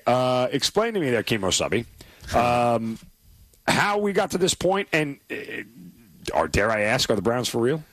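Husky, animated sarcastic sports-talk man. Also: mid-range voice, dry recording. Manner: sarcastic, exasperated, stammers when worked up. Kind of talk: casual sports commentary chat.

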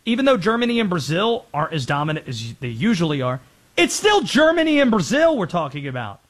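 A very animated sports talk show host with a high, light voice fires off opinionated takes at a brisk clip. He runs rapidly through a list of teams and players.

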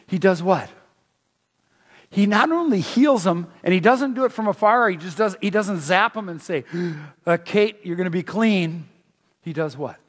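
Emphatic male preacher, high-pitched, sermon ringing through a large hall. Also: moderate pace. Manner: animated, emphatic, many restarts.

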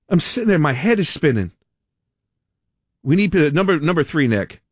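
A man's voice: fairly high pitch, big pitch swings, normal speed, dry recording, clean studio sound. A man hosting a talk radio show, riffing in a rambling, sardonic way and laughing at his own jokes. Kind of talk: casual radio monologue.

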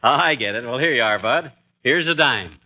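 A man's voice: mid-range voice, animated, moderate pace, bright, forceful tone, low-quality recording. An actor playing a brash, boastful middle-aged husband in a 1940s radio comedy, laughing at his own jokes. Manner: brash, laughs at own jokes, puts on a fake British accent.

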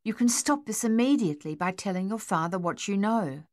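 A woman voicing a worried mother who pleads with her son in a hushed voice. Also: medium pitch, animated, brisk, dry recording, clean studio sound, natural voice. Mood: pleading.

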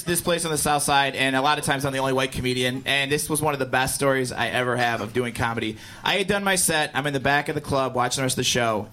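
High-voiced man doing stand-up in a noisy club. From Indiana. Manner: animated storytelling with loud shouted impressions. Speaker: stand-up comedian. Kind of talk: stand-up comedy set. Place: comedy club stage. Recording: club recording with audience noise.

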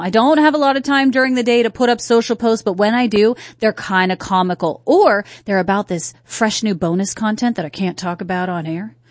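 A woman's voice: mid-range voice, no echo, studio quality. A woman from North Carolina hosting a talk radio show, chatting casually and asking her listeners rhetorical questions. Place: radio studio. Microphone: studio microphone.

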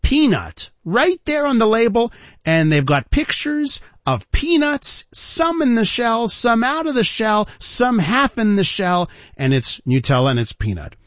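A man hosting a talk radio show, telling a story in an animated way and calling listeners ladies and gentlemen. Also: extremely high pitch, unhurried, no echo. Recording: dull lo-fi broadcast sound.

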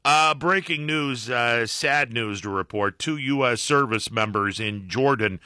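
A man's voice: medium pitch, measured pace, bright, forceful tone, no echo, studio quality. A man hosting a call-in talk radio show, chatting with callers and reading the news with many fillers and restarts.

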